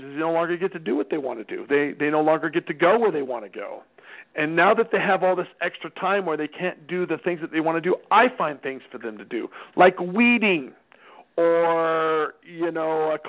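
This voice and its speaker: A middle-aged man speaking at a parenting seminar, telling a folksy family anecdote and acting out the dialogue. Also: a little high. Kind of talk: storytelling talk. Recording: tinny phone-like radio sound.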